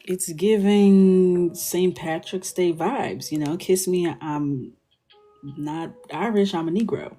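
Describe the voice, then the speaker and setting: A woman hosting a coloring livestream, chatting and joking casually as she works, often dropping into a soft murmur. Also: on the low side, slow pace, faint music behind. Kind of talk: casual chat while coloring.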